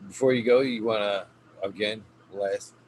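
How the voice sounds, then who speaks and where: A man's voice: on the low side, fairly even intonation, normal speed, a little hiss or hum, low-quality recording. Easygoing male podcast host. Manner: easygoing, brief replies. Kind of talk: casual chat.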